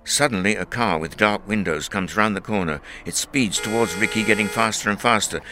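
A man reading a story aloud as narrator in a clear, measured way. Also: fairly low pitch, background noise. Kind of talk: scripted audiobook narration.

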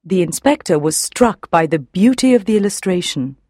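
A woman narrating an audiobook in a measured, even reading. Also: lowish voice, no room sound, studio quality.

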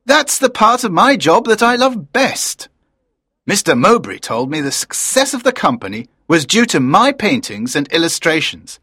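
A man's voice: high voice, very animated, moderate pace, pushed and bright, slightly rough, no echo, clean studio sound, full character voice. A man voicing a proud, enthusiastic production director in his late fifties, in audiobook character dialogue.

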